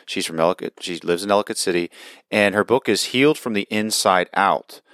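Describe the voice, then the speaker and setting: A man hosting a faith talk show, speaking in a calm, measured way. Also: sits low, clean tone, no echo, studio quality. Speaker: host. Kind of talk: casual talk with read-aloud passage.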